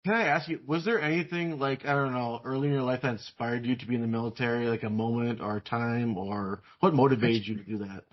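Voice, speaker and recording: A man hosting an interview podcast, asking curious questions in a casual way with quick bursts of speech. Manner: curious, asks with rising pitch and quick bursts. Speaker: podcast host, therapist. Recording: dull lo-fi audio.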